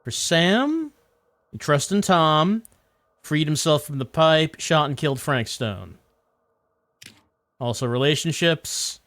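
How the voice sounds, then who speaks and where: A man's voice: on the high side, sing-song, slow pace, pauses often, a bit bright, no echo. A man streaming a video game, chatting casually and musing aloud as he reads game text.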